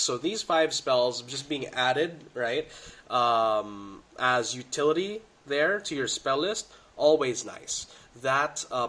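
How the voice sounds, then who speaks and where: Congested man breaking down game rules. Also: mid-range voice. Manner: excitable, slangy gamer talk. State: congested from a cold. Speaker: tabletop game rules commentator. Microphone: budget home recording setup.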